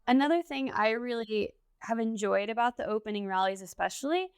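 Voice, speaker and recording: Smooth-voiced enthusiastic woman co-host. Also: a little high, brisk, no room sound. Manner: enthusiastic, conversational, frequent "you know". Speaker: podcast co-host. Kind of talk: casual podcast conversation.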